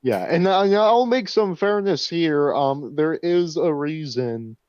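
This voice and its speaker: A man's voice: fairly high pitch, lively intonation, slow pace, darkish tone, clear, resonant tone, dry recording, lo-fi sound. A man who is a podcast guest, chatting casually with a dry, sarcastic humor. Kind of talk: casual chat.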